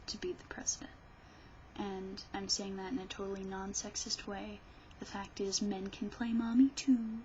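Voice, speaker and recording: A woman's voice: mid-range voice, dull audio, slight background noise. A woman vlogger ranting about politics in a rambling, sarcastic way, often restarting her sentences. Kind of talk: casual political rant.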